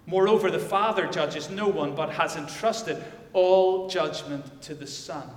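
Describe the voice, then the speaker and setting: A male pastor delivering a sermon and reading scripture, swinging from loud declarations to hushed emphasis. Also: fairly high pitch, measured pace. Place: church. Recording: echoey church hall.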